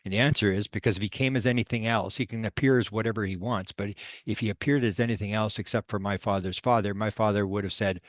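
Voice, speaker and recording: Low-voiced man telling stories haltingly. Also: fairly even intonation, no echo, studio quality. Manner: halting, many fillers and restarts. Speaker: paranormal researcher presenting. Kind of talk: storytelling presentation.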